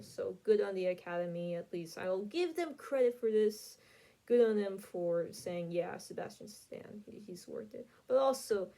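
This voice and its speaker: Chatty woman with a mellow voice. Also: medium pitch, low-quality recording. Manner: chatty, opinionated, self-correcting. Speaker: podcast host. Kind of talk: casual reaction monologue.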